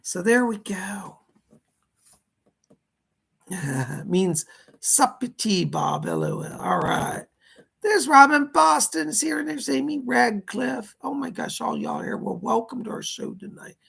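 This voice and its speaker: A man's voice: extremely high pitch, huge pitch swings, takes it slowly, gravelly, fairly bright tone, breathy edge. A man hosting a psychic astrology livestream, chatting casually and reading out viewer comments as he responds to them. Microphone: computer setup at a keyboard.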